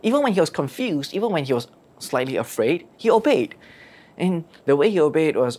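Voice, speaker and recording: A storyteller retelling a Bible story in a lively way, asking rhetorical questions. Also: mid-range voice, fairly quick. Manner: lively, asks rhetorical questions, acts out quotes.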